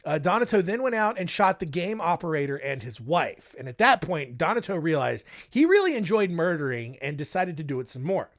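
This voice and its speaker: Lively, joking podcast host man. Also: on the high side, brisk, few pauses. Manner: joking, irreverent asides. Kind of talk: casual true-crime podcast narration.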